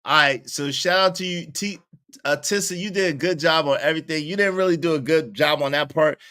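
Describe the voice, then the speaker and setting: A man hosting casual commentary, recapping a book and acting out the people in it with lively storytelling. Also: fairly high pitch, a little fast, clear, resonant tone. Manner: animated storytelling, acting out quoted voices. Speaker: host.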